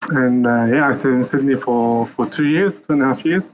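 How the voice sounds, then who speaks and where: A man in his thirties from Lebanon, calling in to a podcast and telling his story in a relaxed way with many pauses. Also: medium pitch. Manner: relaxed storytelling, with soft laughs and hesitations. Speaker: caller. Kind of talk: casual phone-in chat. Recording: dull phone line.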